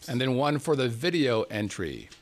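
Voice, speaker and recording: A man's voice: mid-range voice, sing-song, normal speed, crowd noise. A man hosting a podcast in casual chat, joking crudely and laughing often. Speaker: podcast host.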